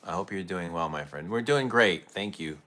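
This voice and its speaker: A man with a low, forceful, bright voice hosts an early-morning livestream. He chats easily and greets viewers one by one as he reads their comments. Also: animated, moderate pace. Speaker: perfume livestream host. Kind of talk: casual livestream chat with viewers.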